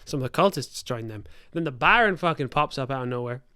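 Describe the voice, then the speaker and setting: Young man, podcast host, game master, rambling, swearing, self-correcting, smooth clear voice, dry close sound. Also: medium pitch, animated, quick pace, bright, forceful tone, no echo. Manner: rambling, profane storytelling with many self-corrections. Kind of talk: casual podcast chat.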